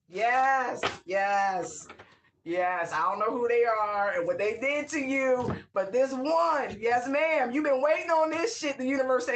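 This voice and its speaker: A woman's voice: a little high, slight background noise. Emphatic, outspoken woman reading tarot. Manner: emphatic, repeats phrases, swears freely; excitable outbursts with whoops. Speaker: tarot reader. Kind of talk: casual spiritual reading monologue.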